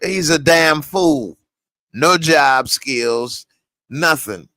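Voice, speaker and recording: A man reviewing a TV episode in casual, slangy reaction commentary, animated and laughing often. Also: fairly high pitch, extremely slow, dry recording.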